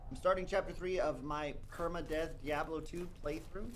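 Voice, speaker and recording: A man's voice: a little high, moderate pace, hardly any pauses. Wry male game streamer. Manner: wry, talks to himself and chat, teasing. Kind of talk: live gameplay commentary. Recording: noisy with game sound.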